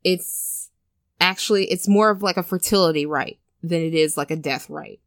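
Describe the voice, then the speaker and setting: A woman's voice: low voice, normal speed, no room sound, studio quality. A woman hosting a casual podcast chat, animatedly retelling a film's plot and acting out the characters' lines with cursing and laughter. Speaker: podcast co-host retelling a film.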